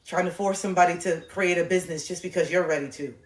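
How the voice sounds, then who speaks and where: A woman's voice: lowish voice, fairly even intonation, fast talker. A woman livestreamer giving impassioned spiritual life advice, preachy and intense, swearing freely and repeating phrases for emphasis. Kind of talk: impassioned motivational monologue. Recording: echoey room with faint music.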